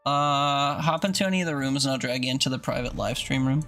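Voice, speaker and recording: A man's voice: mid-range voice, fast, pushed and bright, faint music behind. A man streaming games and chatting casually with his viewers, rambling and joking and making little mouth sound effects. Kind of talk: casual live-stream chat.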